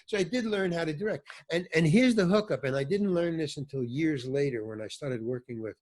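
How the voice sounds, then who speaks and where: A man's voice: on the high side, animated, fairly quick, a little mellow. Older man telling rambling anecdotes. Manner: rambling, self-interrupting, loses his thread. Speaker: podcast guest, actor and director. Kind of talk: casual storytelling interview.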